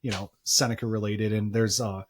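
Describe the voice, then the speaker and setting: A man's voice: lowish voice, little pitch movement, fairly quick, a little hiss or hum. A man co-hosting a marketing podcast, talking casually with many fillers and restarts. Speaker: podcast co-host.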